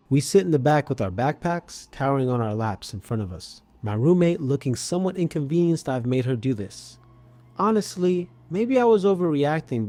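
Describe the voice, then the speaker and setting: A man narrating a scripted story with a steady, even storytelling delivery. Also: mid-range voice.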